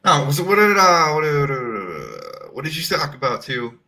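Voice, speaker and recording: Bright, lively-voiced man chatting. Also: fairly high pitch, unhurried, creaky. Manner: lively, hesitant with fillers. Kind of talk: casual chat.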